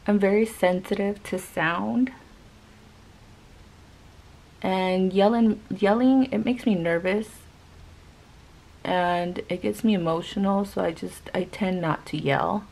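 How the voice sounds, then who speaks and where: A woman's voice: medium pitch, unhurried, creaky, a little mellow, rough recording. A young woman vlogger telling a story casually while doing her makeup, rambling with lots of filler words. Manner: chatty, rambling, many "like" fillers. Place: home.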